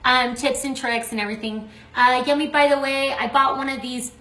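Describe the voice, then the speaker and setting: A young woman co-hosting a cooking demonstration, chatty and bubbly with quick asides. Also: high voice, little pitch movement, a bit bright, echoey room. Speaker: cooking show co-host.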